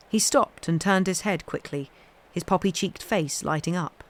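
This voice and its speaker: A woman reading a classic children's novel aloud in a steady storytelling voice. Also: lowish voice, moderate pace. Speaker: reader.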